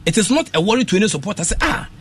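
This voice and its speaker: High-pitched, fast, animated Ghanaian man. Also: husky. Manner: passionate, switches between English and Twi, sing-song phrases. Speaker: radio sports talk panelist. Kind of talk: animated radio sports talk.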